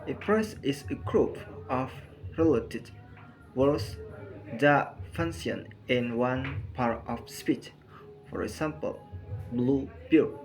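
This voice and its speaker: A man reading out a lesson on word formation in short, halting phrases. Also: medium pitch, soft background music, poor audio. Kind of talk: reading a lesson on compound words. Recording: faint background noise.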